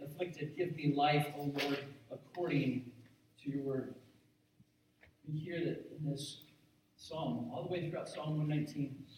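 Pastor, male, earnest preacher with a slightly high voice, captured from a distance in a very echoey church. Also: slight background noise. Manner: earnest preaching, building to emphatic repetition. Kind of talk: sermon. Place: church sanctuary. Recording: very echoey hall, mic at a distance.

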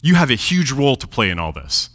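A man voicing a calm, kindly male teacher who speaks in casual, friendly modern phrasing. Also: medium pitch, quick pace. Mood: reassuring.

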